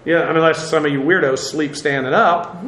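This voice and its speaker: A man gives a verse-by-verse Bible lesson with a high, bright voice. He talks casually, with plenty of "uh"s and dry asides to his listeners. The room around him rings with echo. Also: steady tone, a little fast, slight background noise. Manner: conversational, many fillers, wry asides. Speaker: Bible teacher.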